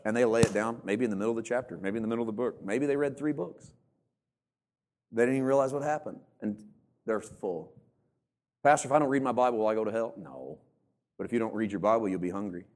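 Male pastor, lowish voice, humorous self-mocking sermon delivery. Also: darkish tone. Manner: humorous, self-mocking, acts out church members in put-on voices. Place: church.

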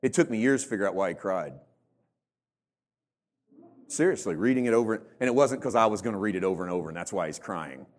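A man's voice: lowish voice, expressive, fast, long pauses. A man preaching a sermon as pastor in a church, joking and mocking himself while acting out churchgoers. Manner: humorous, self-mocking, acts out church members in put-on voices.

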